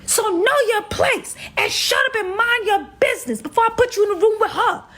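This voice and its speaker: A woman voicing a domineering man who shouts commands. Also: extremely high pitch, animated, brisk, pitched above the performer's own voice. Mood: angry.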